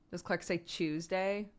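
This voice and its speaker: An American woman in her thirties streams and chats with her viewers, her low voice swinging widely in pitch. She talks in an unhurried way, with lots of filler words and frequent laughter. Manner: chatty, laughs often, many fillers. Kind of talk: casual chat with viewers.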